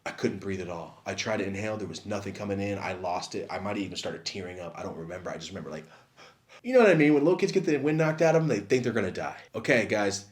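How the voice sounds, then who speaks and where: Animated man telling a comic story. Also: fast. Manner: acts out quotes with big jumps in pitch and volume.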